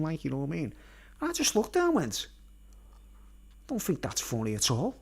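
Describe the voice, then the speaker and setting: A man spins a rambling personal tale in casual, nonstandard slang. His pitch swoops and jumps lively as he talks. He keeps pausing to check in with his listeners. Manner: colloquial, nonstandard grammar. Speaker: vlogger.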